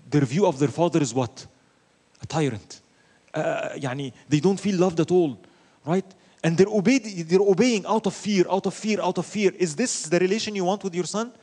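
A man's voice: a little high, breathy edge. A man teaching an Islamic lecture, telling stories with rhetorical questions and Arabic phrases mixed in. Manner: animated storytelling with rhetorical questions. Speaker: religious teacher.

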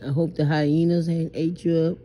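A woman's voice: sits low, flat delivery, normal speed, mellow, slight background noise. Rambling woman vlogging from bed. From Southern US, New Orleans. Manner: rambling, stammering, emphatic, swears freely. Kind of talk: late-night confessional vlog. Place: in bed at night. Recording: muffled lo-fi phone audio.

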